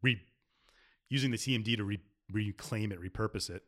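A man's voice: lowish voice, brisk, fairly bright tone. A man co-hosting a casual gaming podcast, stammering as he argues and laughing often. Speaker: podcast co-host.

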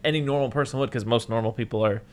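Animated young man talking movies. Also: very fast, a little hiss or hum. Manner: animated, acts out quotes with sudden loud high jumps. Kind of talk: casual movie discussion.

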